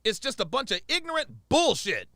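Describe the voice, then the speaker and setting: High, bright-voiced man ranting. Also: very animated, normal speed, no room sound, clean studio sound. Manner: profane, exasperated, emphatic repetition. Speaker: commentator reacting to a clip. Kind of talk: ranting reaction commentary.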